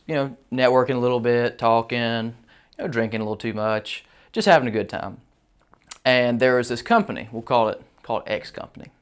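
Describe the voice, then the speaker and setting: A man casually telling a roofing business story, voicing the people in it with a raised pitch. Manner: folksy, animated quotes with a raised pitch.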